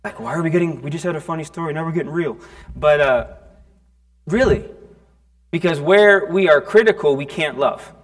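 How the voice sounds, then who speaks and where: A man preaching a sermon in church, talking casually with frequent restarts and questions to the congregation. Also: a little high. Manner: conversational, halting with restarts, asks the congregation questions. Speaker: pastor. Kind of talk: sermon with storytelling.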